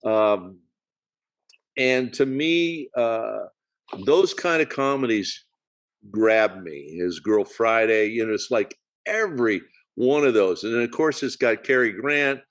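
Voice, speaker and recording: A man co-hosting a podcast, talking casually about old films with many fillers and restarts. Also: mid-range voice. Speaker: podcast co-host. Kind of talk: casual film discussion.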